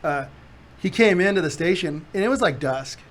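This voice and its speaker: Man, casual storyteller, lively, acts out the voices, slightly high pitch. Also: moderate pace. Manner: animated storyteller, acts out quotes, laughs often. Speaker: podcast host.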